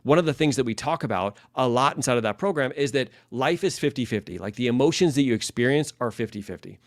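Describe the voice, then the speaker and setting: A man's voice: medium pitch, lively intonation, fast talker, no room sound. Man coaching in a dry room. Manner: conversational, many fillers and restarts, acts out example phrases. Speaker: leadership and life coach. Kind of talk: casual teaching monologue.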